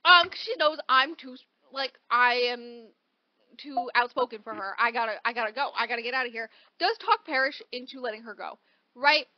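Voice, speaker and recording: A woman with a high voice retells a novel's plot on a podcast in fast, animated chatter, tossing in "like" and "right?" and the odd casual curse. The sound is dry with no room echo and a little muffled, as from a modest home setup. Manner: animated storytelling, peppered with "like" and "right?"; swears casually. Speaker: podcast co-host. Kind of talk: casual book recap chat.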